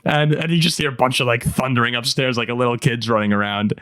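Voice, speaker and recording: Man, 20s, podcast co-host, animated, laughing storyteller, casual sports chat, dry close sound. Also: medium pitch, fast talker, dry recording.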